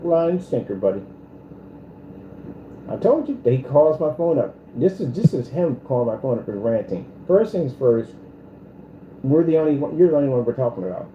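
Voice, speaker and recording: A man's voice: mid-range voice, dull audio, slight background noise. A man hosting a confrontational commentary rant, taunting and repeating himself. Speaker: channel host. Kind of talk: ranting commentary video. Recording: echoey room with music behind.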